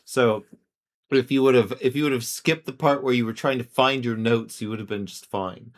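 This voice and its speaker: A man's voice: mid-range voice, normal speed. Man, host, casual chat, teasing, laid-back, mid-range voice.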